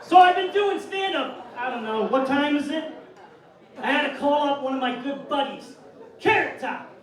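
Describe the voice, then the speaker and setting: A man's voice: very high-pitched, moderate pace, fairly bright tone, far from the mic. A man from upstate New York doing a brash, bawdy stand-up set on a club stage. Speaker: stand-up comedian. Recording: echoey club mic'd from afar.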